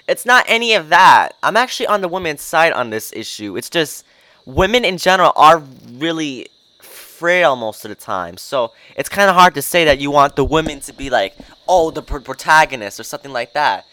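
A man with a fairly high, bright voice hosts a loose casual chat. He rambles, hedges and circles back, filling gaps with "like" and "um." Now and then he laughs at his own words. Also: animated, a little fast, no echo, poor audio. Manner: rambling, hedging, laughs at himself. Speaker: host.

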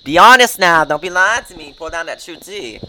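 A man's voice: high voice, expressive, normal speed, pushed and bright, slight background noise, low-quality recording. A man hosting a casual chat, rambling and hedging with many fillers and laughing at himself. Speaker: host.

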